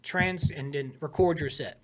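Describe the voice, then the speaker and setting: A man in casual podcast talk, coaching comedy writing in an emphatic, animated way, shifting his tone for effect. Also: a little high, unhurried. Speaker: comedian giving writing advice.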